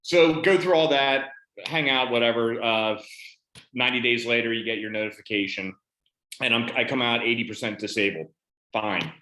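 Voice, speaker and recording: A man's voice: mid-range voice, normal speed, sharp tone. A man, a veteran on a panel, casually telling a story about his benefits and retelling conversations in quotes. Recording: roomy echo.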